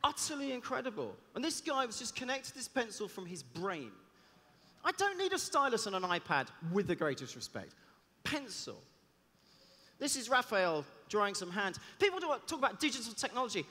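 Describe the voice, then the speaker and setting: A man, a cellist giving a lively talk on stage, chatty and joking in asides. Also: high-pitched, normal speed. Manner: chatty, self-deprecating, jokey asides. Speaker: conference speaker and cellist. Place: large hall on stage. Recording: long reverb of a big hall.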